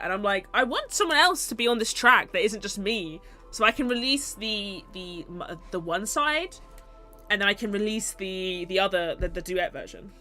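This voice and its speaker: Bright, lively woman rambling on stream. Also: medium pitch. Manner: rambling and self-mocking, often laughing. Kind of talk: casual chat stream.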